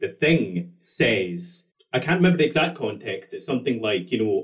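A man's voice: on the low side, sing-song, normal speed. A man with a Scottish accent, chatting casually as a podcast co-host and giving dry, detail-minded asides. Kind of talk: casual chat.

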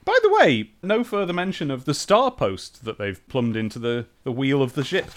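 Chatty male co-host, enthusiastic and giggly, with a lively pitch. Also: normal speed. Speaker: podcast co-host. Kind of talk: casual chat.

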